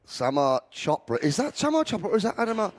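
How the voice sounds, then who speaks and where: A male race commentator with a notably high voice. He jumps in quickly with excitable play-by-play calls. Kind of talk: live motorsport commentary.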